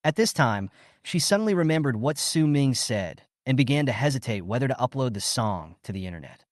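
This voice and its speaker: Man, story recap narrator, lively intonation, dry close recording. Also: mid-range voice, a little fast, no echo.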